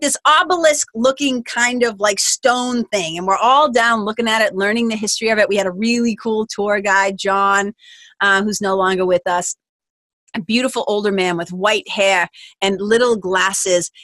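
A woman hosts her podcast in a loose, animated storytelling style, sprinkling "like" everywhere and swearing casually. Her voice sits a bit high. The recording is close and dry, with no room sound. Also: no room sound. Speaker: podcast host.

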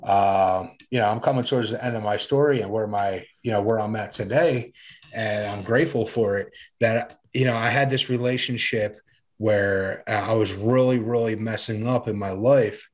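A man's voice: lowish voice, normal speed. A man in an interview, telling his own story in a rambling, casual way, with many fillers, restarts and curse words. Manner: rambling, filler-heavy, frequent restarts and swearing. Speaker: guest sharing his recovery story.

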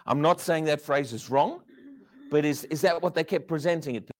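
A man with a slightly high voice preaches a sermon at a moderate pace. He asks the crowd rhetorical questions and shifts from loud emphasis down to hushed words.

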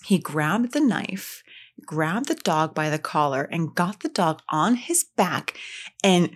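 A woman's voice: lowish voice, slow pace, breathy edge. A woman in her thirties co-hosting a casual film podcast, telling stories with lots of laughter. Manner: lively storytelling with frequent laughter. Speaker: podcast co-host.

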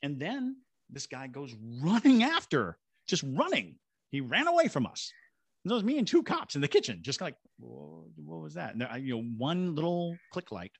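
Husky man telling a ghost story. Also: on the high side, normal speed, no room sound. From Savannah, Georgia. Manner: animated, acts out quoted voices. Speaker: guest, paranormal investigator. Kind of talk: storytelling in a podcast interview.

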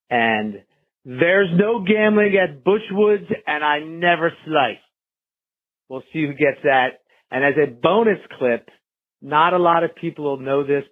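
A man calls in and leaves a voicemail for a podcast, offhand and easygoing. He talks slowly and loosely. His voice comes through a thin, phone-like line. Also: medium pitch, no echo. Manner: laid-back, offhand, casual swearing. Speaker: caller. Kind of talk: voicemail message.

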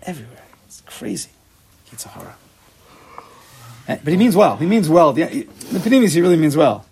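A man teaching a religious study class, explaining quickly and mixing in Hebrew terms. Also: a little high, big pitch swings, vocal fry, a little mellow, slight background noise.

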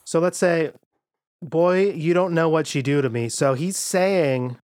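A man's voice: on the high side, measured pace, darkish tone, dry recording, studio quality. A man co-hosting a comedic podcast, talking through song lyrics and half-singing them between laughs. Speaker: podcast co-host. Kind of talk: casual comedic chat.

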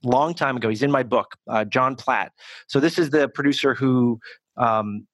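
A man working as an executive communication coach, answering interview questions in a lively, conversational way, often restarting his sentences. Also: medium pitch, moderate pace, no echo. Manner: animated, self-correcting restarts.

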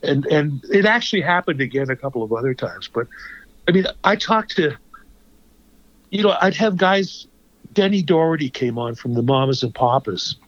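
A man's voice: fairly high pitch, moderate pace, no echo, muffled recording. A man, a former radio host and songwriter, tells stories in conversation and acts out the people in them. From Toronto, Canada. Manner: animated storyteller, acts out the voices of people in his stories. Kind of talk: anecdotal storytelling in a conversation.

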